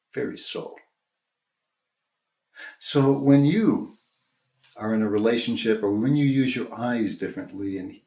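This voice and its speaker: Older guy minister telling a story in a sermon, easygoing and halting, echoey church room. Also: on the low side. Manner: conversational, gentle, halting with restarts. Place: church sanctuary. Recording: roomy echo.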